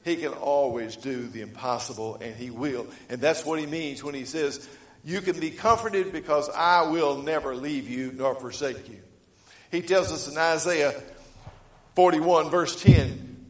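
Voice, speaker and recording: A man preaching a sermon, reading scripture and swinging between loud emphatic lines and quiet ones. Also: measured pace, roomy sound. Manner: rises to loud emphatic preaching, then drops low; reads scripture aloud in old-fashioned wording. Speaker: pastor.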